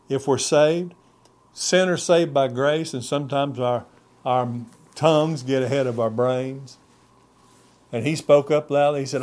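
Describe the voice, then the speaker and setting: Pastor preaching a sermon. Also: male voice. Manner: expressive preaching, pitch rising on key words and dropping low at phrase ends; reads scripture in old-fashioned wording.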